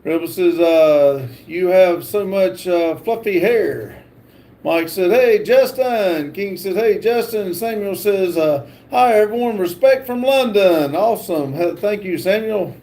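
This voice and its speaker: A man hosting a livestream, reading viewer comments aloud with halting pauses and fillers. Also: sits high, expressive, dark tone. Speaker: livestream host.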